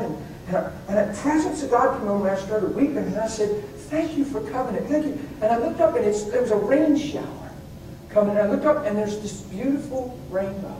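A man preaching a sermon, telling personal stories in an animated way, moving from hushed asides to high exclamations. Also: background noise. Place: church meeting hall. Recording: very echoey hall, voice from far off.

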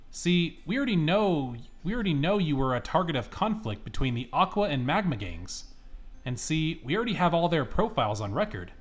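A man voicing a weary male police officer in a video game, patient and firm. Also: a little high.

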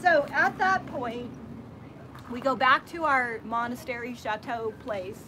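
A high-pitched woman hosts a relaxed chat and tells a story with lots of energy, playing out each quoted line herself. The recording carries clear background noise. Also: slow. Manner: animated storyteller acting out quotes. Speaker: host. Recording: background noise from a nearby worker.

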